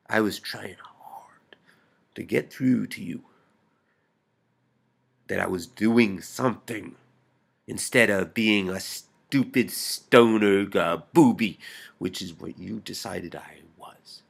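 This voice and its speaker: A man speaks in a deeply gravelly, husky voice with plenty of vocal fry. He rambles intensely through a personal video message, full of halting restarts and swearing, and often sinks to a whisper.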